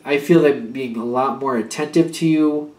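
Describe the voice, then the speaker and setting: A man's voice: medium pitch, moderate pace, a little mellow, reverberant. Rambling man giving a tarot reading. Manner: rambling, restarts, acts out quoted pleas. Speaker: tarot reader. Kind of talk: casual spoken tarot reading.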